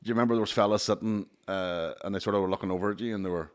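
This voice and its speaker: A man hosting a podcast in casual, rapid chat, swearing and laughing often. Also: lowish voice, fairly even intonation, smooth. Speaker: podcast host.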